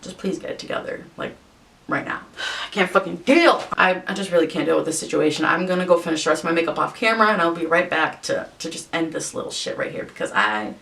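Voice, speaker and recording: Gravelly and a bit bright, this young woman's voice moves fast and animated as she rants and swears while doing makeup at home. The vlogger sounds thoroughly exasperated. Her mic is slightly distant, with a faint rumble.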